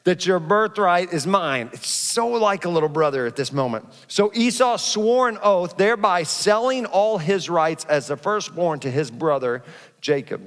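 Man, pastor, high voice, animated storytelling sermon, frequent restarts, long hall reverb. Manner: animated, acts out his stories, frequent restarts.

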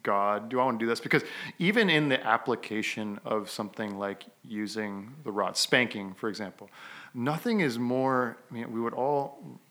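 A man speaks in a conversational podcast discussion, his voice bright and forceful in tone. He talks in halting bursts, restarting his phrases and often clearing his throat. His pitch sits in an ordinary middle range. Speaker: podcast co-host and father.

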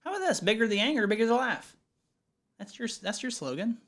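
A man's voice: high voice, big pitch swings, gravelly, a bit bright. A man co-hosting a podcast, joking playfully in casual banter. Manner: playful, joking, quick to laugh. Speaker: podcast co-host.

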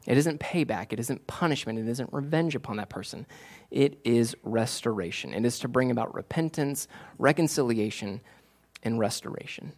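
A man, preaching a sermon in a conversational way, repeating key phrases and growing animated when he tells stories. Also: mid-range voice, normal speed. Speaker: pastor.

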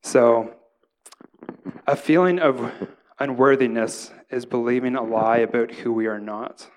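A man's voice: medium pitch, fairly even intonation, measured pace, darkish tone. Man preaching a casual sermon. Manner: casual, conversational preaching with frequent "right?" asides. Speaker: pastor.

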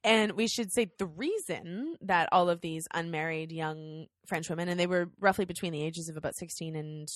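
A woman co-hosting a podcast in casual chat, self-deprecating and quick to laugh. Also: fairly low pitch, dry recording, clean studio sound. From Canada. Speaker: podcast co-host.

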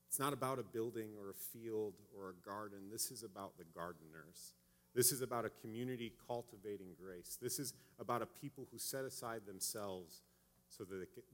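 A man in his thirties giving a conversational sermon as a pastor, often checking in with a quick "right?". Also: mid-range voice, fairly bright tone. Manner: conversational preaching, frequent "right?" asides.

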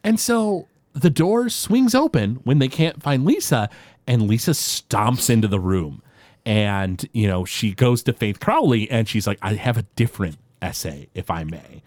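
A man's voice: mid-range voice, very animated, unhurried, dry recording. A man co-hosting a podcast, rambling through an episode recap with lots of filler words. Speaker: podcast co-host. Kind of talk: casual recap chat.

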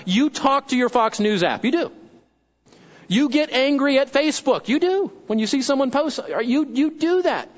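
A man's voice: extremely high pitch, highs cut off. A male pastor preaching a sermon in a conversational way, checking in with listeners and repeating words for emphasis.

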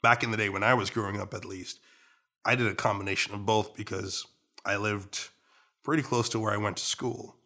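A young man from Trinidad and Tobago, a guest in a casual interview, talking in a relaxed, jokey way with an accent that moves between American and Trinidadian. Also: lowish voice, fairly quick. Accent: American, switching to Trinidadian partway.

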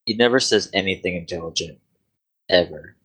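A man's voice: deep voice, fairly quick, fairly bright tone, husky. A man running a tabletop game as game master, laid-back and casual.

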